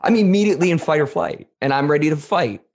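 A man hosting a podcast in casual chat, relaxed and conversational as he reads out listener questions. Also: a little high, quick pace. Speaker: podcast host.

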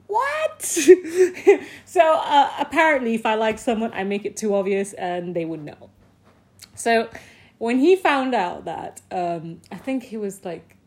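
A young woman, telling personal stories in a casual, animated way with frequent laughs. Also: medium pitch. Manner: chatty and animated, with frequent laughs and acted-out quotes. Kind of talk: casual storytelling to camera.

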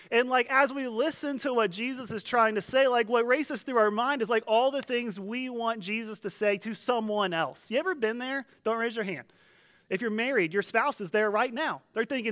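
High-voiced man preaching a casual sermon. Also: moderate pace. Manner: conversational, joking, animated quoting voices. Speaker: pastor.

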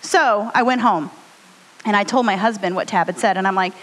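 A woman co-hosting a live storytelling podcast, chatting with an audience in a rambling, animated way. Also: mid-range voice, brisk. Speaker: podcast co-host. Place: stage before a live audience. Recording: long hall reverb.

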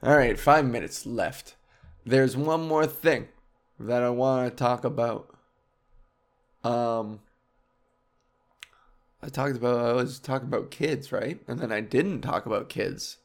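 Guy comedian riffing solo, swears a lot, wanders off topic, mid pitch. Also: slow, pauses often. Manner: rambling, animated, profane, jumps between topics. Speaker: comedian podcast host. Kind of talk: casual comedic monologue.

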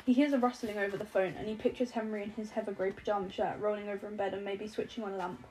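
A woman's voice: mid-range voice, flat delivery, quick pace, dark tone, low-quality recording. A woman narrating an audiobook with a wry, lightly comic delivery. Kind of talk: scripted narration.

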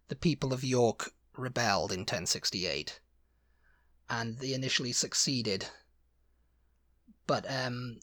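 A man's voice: mid-range voice, a bit bright. A man with a British accent, chatting casually as a podcast co-host, rambling and often correcting himself. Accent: British English. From Britain. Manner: rambling, hesitant, self-correcting. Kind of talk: casual chat.

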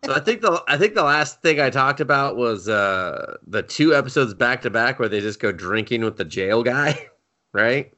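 Male podcast co-host, bright voice, lively swooping delivery, rambling casual chat with frequent laughs. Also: mid-range voice, moderate pace. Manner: rambling, laughing often, acting out voices in retellings.

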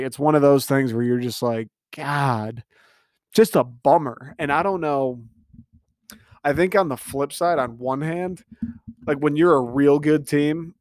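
A man's voice: mid-range voice, dry recording, clean studio sound. A man in his twenties in a casual monologue, ranting and swearing about a loss. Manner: animated, rants and swears.

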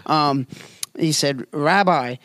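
Chatty young man, fairly high voice. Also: slow pace, a bit bright, no room sound. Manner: chatty, hesitant reading with restarts. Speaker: co-host. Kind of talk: casual Bible discussion.

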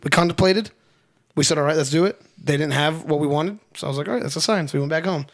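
A young man in casual chat, telling a story in a lively way, acting out the dialogue and swearing freely. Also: a little high, fast talker.

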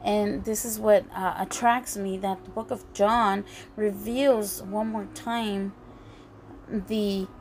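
A woman preaching a sermon in an earnest, halting way, often restarting her phrases. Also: mid-range voice, steady tone, darkish tone, a little hiss or hum. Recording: faint music behind.

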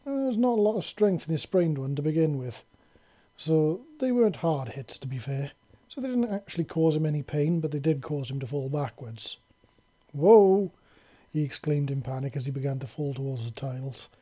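A man reading a story aloud in a steady, unhurried way. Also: on the high side. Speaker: narrator.

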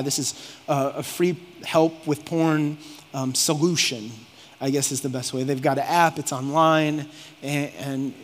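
A male pastor preaching a sermon, moving from calm teaching to fervent exhortation and voicing imagined conversations. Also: a little high. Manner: preaching with rising intensity, acts out quoted speech. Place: church auditorium. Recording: long reverb of a large hall.

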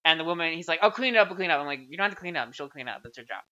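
A young woman trades crude jokes and retells stories on her podcast, acting out every quote. Her voice is bright and swings widely in pitch. The recording sounds a little muffled and lo-fi. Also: animated, very fast. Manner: crude, joking, acts out quotes. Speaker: podcast co-host. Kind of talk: casual chat.

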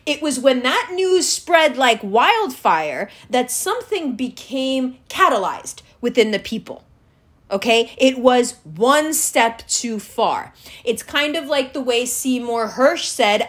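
Woman, high and very animated voice, furious profane monologue, sarcastic lecturer. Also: slow pace. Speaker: commentator. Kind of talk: angry political rant to camera.

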